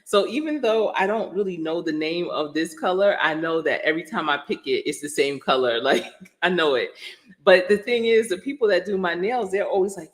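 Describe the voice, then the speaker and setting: A woman's voice: on the low side, a little fast. A woman coach chatting casually on a live stream. She rambles, laughs often and answers her viewers directly.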